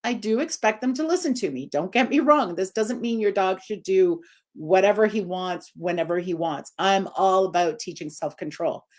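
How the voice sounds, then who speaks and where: A dog trainer in her forties hosts a laid-back live video talk. She speaks at normal speed, expressively, with her voice swinging up high for emphasis.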